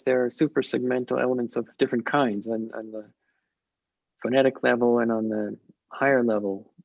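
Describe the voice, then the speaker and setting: A man with a gravelly voice answers questions in a slow, measured way, often pausing and restarting. His voice sounds dry and close over muffled video-call audio. He speaks as a lecturer in an academic webinar. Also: medium pitch, dry recording. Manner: measured, hesitant, with many fillers and restarts.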